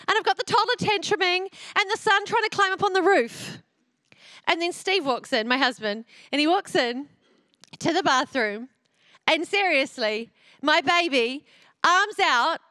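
A woman's voice: very high-pitched, expressive, moderate pace, bright, forceful tone, dry recording. A middle-aged woman preaching a sermon, telling family stories and acting out the voices of her children. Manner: storytelling, acts out family voices.

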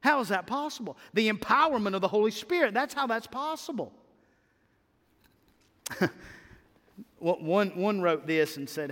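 A man pastor delivers a fervent Easter sermon in a high, bright-pitched voice. He keeps hammering his points home with emphatic repetition and stammered restarts. His voice carries a long reverb through the church sanctuary. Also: animated, a little slow, pauses often.

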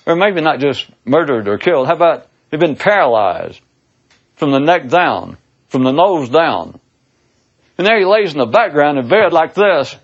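Husky man musing aloud, lively and sarcastic, with a theatrical delivery; dull lo-fi audio. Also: a little high, normal speed. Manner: sarcastic, theatrical, swooping emphasis. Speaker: speaker giving a monologue. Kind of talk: casual philosophical monologue.

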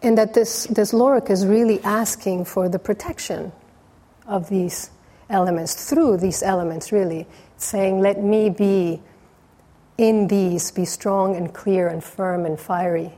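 A woman teacher giving a dharma talk, telling a story in a relaxed way with frequent restarts. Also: mid-range voice, measured pace.

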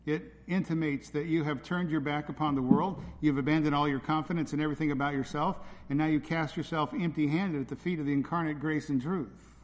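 A man's voice: a little high, steady tone, fairly quick, few pauses. A man preaching a sermon in a church, urgent and pleading as he presses his listeners. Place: church hall. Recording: hall reverb with faint ambient noise.

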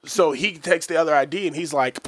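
A man co-hosting a podcast, telling a story in profane, animated casual chat. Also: on the high side, a little fast. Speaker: podcast co-host.

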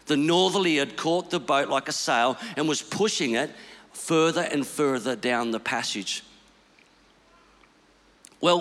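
Impassioned high-voiced preacher man. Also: in a large hall. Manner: impassioned, swinging from hushed to shouting. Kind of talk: storytelling sermon.

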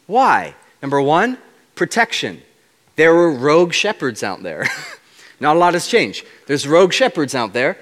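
男性布道者，语调起伏活泼，大厅混响明显. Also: male voice, on the high side, unhurried. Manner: animated, playful, explains Hebrew words. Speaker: guest preacher. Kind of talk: sermon. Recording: long reverb of a large hall.

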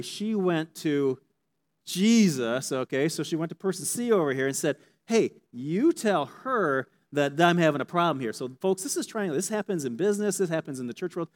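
A slightly high voice carries this pastor's animated, conversational sermon, in which he often checks in with his listeners.

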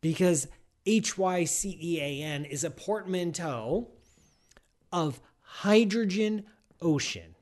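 A man's voice: high-pitched, expressive, takes it slowly, a little mellow. A man hosting a live science show, talking casually and playfully, ranting in mock outrage and rambling off on digressions.

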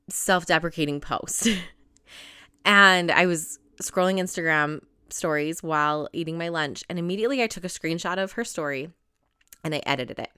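A woman's voice: on the low side, a bit bright, clear, resonant tone, no echo, clean studio sound. A woman in her thirties hosting a solo podcast, talking earnestly and emotionally with lots of casual fillers. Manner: earnest and emotional, with frequent "like" and "right?". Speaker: podcast host.

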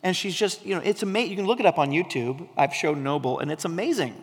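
A man preaching a sermon, telling a story with animation and sometimes dropping to a soft, intense tone. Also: sits high, expressive, fast, slightly rough. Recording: long hall reverb.

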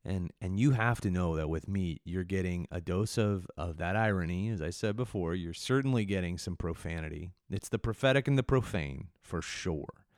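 A man's voice: sits low, normal speed, hardly any pauses, darkish tone, no room sound, clean studio sound. A man hosting a solo podcast, rambling and self-mocking, with restless restarts and sudden bursts of energy. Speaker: podcast host.

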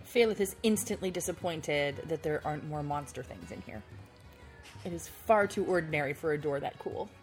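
A woman's voice: deep voice, lively intonation, moderate pace, soft background music. A woman player in a tabletop game, casually narrating what her character does.

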